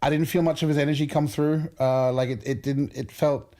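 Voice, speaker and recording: A man's voice: on the high side, steady tone, brisk, mellow. A man hosting a livestream, chatting casually and thinking aloud with restarts. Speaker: livestream host.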